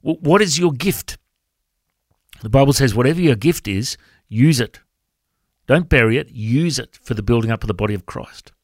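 A man's voice: medium pitch, animated, normal speed, pauses often, no room sound, studio quality. A man hosting a devotional radio segment. He talks earnestly and urges listeners with direct questions. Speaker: radio host.

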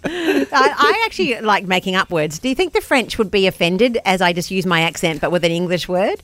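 A woman's voice: medium pitch, expressive, fairly quick, a bit bright. Aussie lady on breakfast radio, bubbly and giggly, voice bouncing all over the place. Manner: bubbly, laughs often, jokingly puts on a French accent. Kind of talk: playful morning radio banter.

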